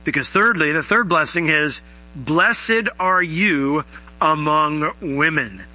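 A man preaching a sermon as pastor, animated, his voice rising high on emphatic questions. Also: takes it slowly, rough recording.

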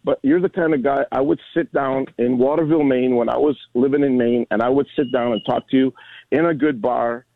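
Older male caller, sixties, halting friendly ramble, tinny phone line. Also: medium pitch, steady tone, no room sound. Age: 60s. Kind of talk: phone-in chat.

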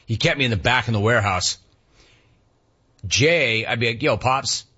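A man hosting a sports talk show, reading listener messages with animated, joking asides. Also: mid-range voice, normal speed, slightly rough, highs cut off.

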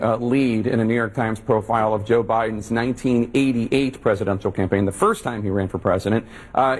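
A male news anchor giving measured commentary while quoting a report. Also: mid-range voice, husky. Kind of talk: news commentary, reading a quote.

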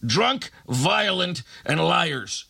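A man's voice: a little high, expressive, extremely slow, gravelly, pushed and bright, husky. A man hosting a late-night radio show, delivering a sarcastic, ranting comic monologue.

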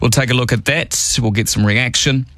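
A man's voice: mid-range voice, normal speed, no room sound. A man hosting a morning radio show, chatting wryly about politics and running through the news. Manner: chatty, wry, lively. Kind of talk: casual radio talk and news rundown. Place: radio studio.

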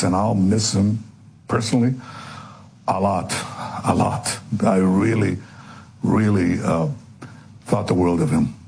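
A man, a political leader, answering interview questions earnestly, with halting restarts. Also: low-pitched, darkish tone, slightly rough, poor audio.

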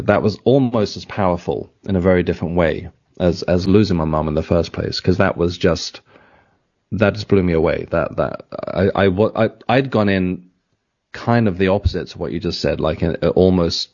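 A deep-voiced Englishman answers radio interview questions, reflective and halting, circling his thoughts with ums and restarts. His line sounds dull and lo-fi. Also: a little mellow. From England. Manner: reflective, halting, frequent fillers and self-corrections. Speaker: author and interview guest.

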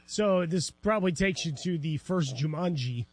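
A man's voice: a little high, lively intonation, normal speed, no echo. Man co-hosting with dry quips. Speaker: podcast co-host. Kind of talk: casual chat.

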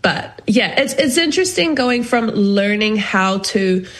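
A young adult woman speaking as an interview guest in casual conversation. She is thoughtful and pauses often with ums. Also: medium pitch, expressive.

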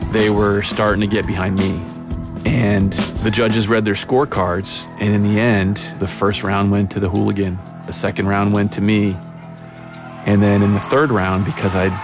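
Deep gravelly man telling a story. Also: moderate pace. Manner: relaxed conversational storytelling with fillers. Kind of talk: personal story told aloud. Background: guitar music.

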